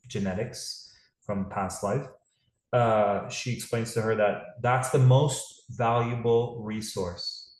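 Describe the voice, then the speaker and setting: A man's voice: fairly low pitch, a little mellow, roomy sound, low-quality recording. A man hosting a live call series, talking in a rambling, casual way with many restarts. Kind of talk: casual livestream talk.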